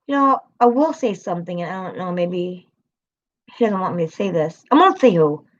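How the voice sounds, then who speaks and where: A woman's voice: lowish voice, lively intonation, fairly quick, highs cut off. A woman hosting her own livestream in casual chat, rambling, laughing often and swearing freely. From American city. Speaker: livestream host.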